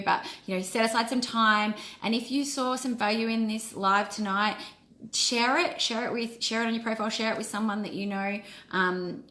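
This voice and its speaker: A woman's voice: mid-range voice, a bit bright. A woman in her forties, a wellness coach, giving an earnest and encouraging casual live-stream talk. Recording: roomy echo.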